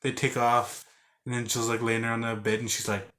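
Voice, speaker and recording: A man talks through a video game's story in a loose, rambling way, full of fillers and false starts. His voice sits at an ordinary middle pitch. Now and then he breaks into growls and sound effects for the characters. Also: little pitch movement, fairly quick, fairly bright tone. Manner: acts out game characters with grunts and sound effects. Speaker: game reviewer. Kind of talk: casual game recap.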